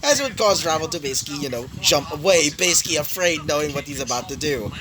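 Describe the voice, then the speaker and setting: A man's voice: fairly high pitch, expressive, quick pace, poor audio. A man improvising a fan-story narration, rambling with many fillers and you-knows, with crowd noise behind.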